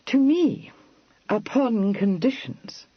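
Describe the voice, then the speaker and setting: A man voicing a spirited, quick-tempered young Regency heiress in an audiobook, talking in an impatient, exclaiming rush. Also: very high-pitched, lively intonation, slightly rough, no room sound, dull audio, voice pushed up, heavily acted. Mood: emphatic.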